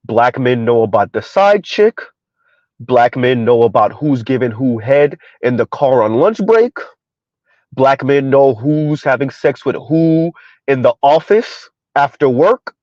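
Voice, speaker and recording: A man's voice: mid-range voice, expressive, unhurried, darkish tone, no echo, lo-fi sound. Man, opinion monologue, sarcastic rhetorical questions, dry close sound. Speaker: commentary channel host.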